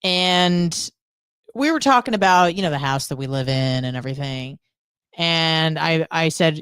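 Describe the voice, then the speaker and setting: Female co-host, low register, dry close sound; blunt, sarcastic, profane rant. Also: animated, unhurried, fairly bright tone, smooth, no echo. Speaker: podcast co-host. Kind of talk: casual ranting monologue.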